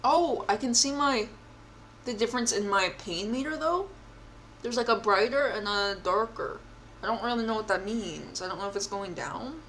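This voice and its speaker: A woman's voice: mid-range voice, a bit bright, a little hiss or hum. A young woman streamer reading a text game aloud and reacting, chatty and giggly, with a mock-indignant edge.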